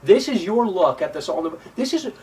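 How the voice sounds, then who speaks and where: A man's voice: sing-song, moderate pace, a little mellow. A man hosting a live stream, ranting combatively about a game and mocking his critics in a whiny put-on voice. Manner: sarcastic, mocking imitations in a high whiny voice; repetitive, combative. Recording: distant mic with faint noise.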